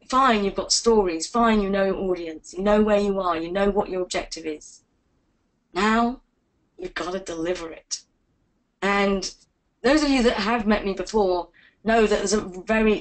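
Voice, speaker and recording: A woman teaching a live online class as a confidence coach, energetic and playful, acting out quotes with big jumps in pitch. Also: low-quality recording.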